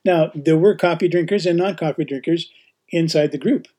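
Man, podcast host, husky voice, somewhat high, animated storyteller, laughs a lot. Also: moderate pace. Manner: animated, laughs often while telling stories. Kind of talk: casual storytelling.

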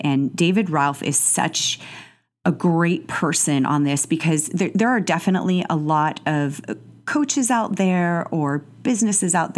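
A woman hosting a podcast, talking in a chatty, gushing way with lots of fillers. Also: low voice. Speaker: podcast host. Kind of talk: casual podcast intro monologue.

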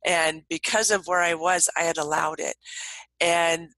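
A middle-aged woman guest telling lively, upbeat stories in casual conversation. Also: lowish voice, a little slow, no room sound, low-quality recording. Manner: upbeat, animated storytelling.

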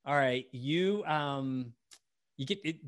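A man from the United States hosts a casual podcast interview, speaking slowly in a mid-range voice. He is chatty and rambling, with many restarts.

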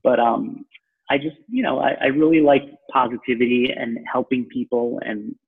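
A man's voice: mid-range voice, moderate pace, creaky, breathy edge. A man with a New York accent, from Long Island, talking casually as a podcast guest with many loose restarts. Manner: talks in loose restarts, self-described sarcastic. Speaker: guest, real estate broker. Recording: tinny phone-like line.

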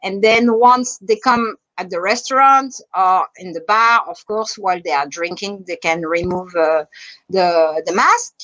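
A woman's voice: mid-range voice, unhurried, pushed and bright, muffled recording. A woman with a French accent, a dive instructor and resort manager, answering interview questions with lots of hesitant fillers. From France. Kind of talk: online interview.

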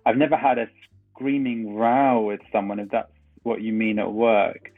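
A man's voice: lowish voice, level tone, normal speed, no echo, faint music behind. A male doctor joining a casual chat as a guest, candid and self-mocking about his own quirks. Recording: tinny remote phone-like line.

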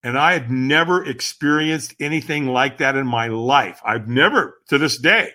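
A middle-aged man, a podcast guest, telling a dramatic personal story with lively acted-out quotes. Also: medium pitch, normal speed. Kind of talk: animated storytelling.

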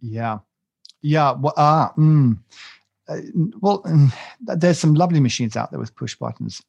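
A man rambles through a casual podcast chat, self-mocking and full of restarts. His voice has a gravelly texture. The sound is dry and close, with no room around it. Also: on the high side, unhurried, darkish tone, no room sound, lo-fi sound. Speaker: podcast co-host.

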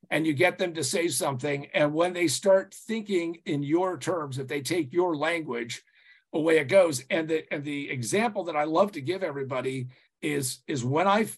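Husky, rambling male podcast guest. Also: fairly high pitch. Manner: rambling, animated, frequent "you know" and restarts, swears casually. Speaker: business consultant guest. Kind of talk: podcast interview storytelling.

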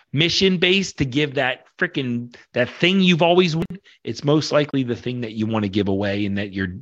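The recording has no room sound and cut-off highs, carrying a man's mid-range, fairly bright voice. He's a forty-something workshop leader on a motivational podcast, preaching a little as he talks passionately about self-worth and swears casually.

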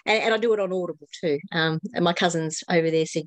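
A woman's voice: lowish voice, fairly even intonation, brisk, few pauses, no room sound. A woman in her fifties, an author talking earnestly as a guest, often laughing and repeating her words. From Australia. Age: 50s. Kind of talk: casual interview talk.

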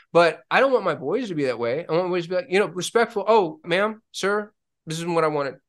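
A man, a guest on a podcast, speaking candidly in casual conversation and growing animated when he tells stories. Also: a little high. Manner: candid, animated when telling stories, voices other people.

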